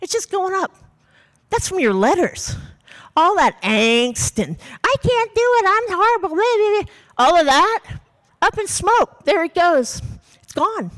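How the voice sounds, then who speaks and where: A woman's voice: very high-pitched, sing-song, takes it slowly, long pauses, voice pushed up, full character voice. A woman quoting a dreamy, spiritual girlfriend. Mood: teasing. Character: calm, upbeat young woman girlfriend with a spiritual streak.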